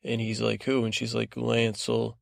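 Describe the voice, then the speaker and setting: A man hosting a sleep podcast, recapping a TV episode in a meandering, low-key way full of fillers. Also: completely flat delivery, moderate pace, vocal fry, no room sound, clean studio sound. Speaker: podcast host. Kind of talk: rambling bedtime recap.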